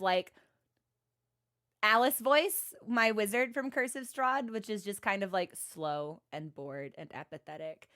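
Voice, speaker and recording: A woman's voice: mid-range voice, a bit bright. A young woman streaming and chatting with viewers, rambling and self-deprecating, often restarting her sentences. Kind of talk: casual chat with stream viewers.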